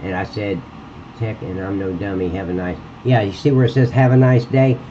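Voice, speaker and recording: A man's voice: on the low side, fairly even intonation, fairly quick, dark tone, lo-fi sound, slight background noise. A man livestreaming while he edits a game map, talking bluntly and cursing freely as he chats to viewers. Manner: blunt and profane, ranting at a critic. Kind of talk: live-stream chat while editing.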